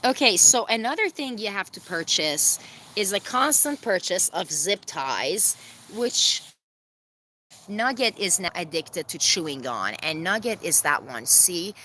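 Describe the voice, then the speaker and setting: A woman chatting casually on a livestream from her backyard coop, laughing often, giving viewers shout-outs and calling to her hens. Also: lively intonation, a little slow, a little hiss or hum. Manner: calls to her hens in a very high sing-song voice. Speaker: vlogger hosting a livestream premiere. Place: outdoors in a backyard by the chicken coop.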